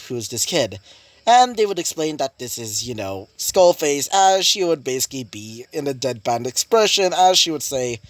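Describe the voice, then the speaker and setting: A man's voice: a little high, no echo. A man casually narrating a fan-fiction story in a rambling way, full of fillers and restarts. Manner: rambling, full of fillers like "basically" and "you know". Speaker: YouTube storyteller.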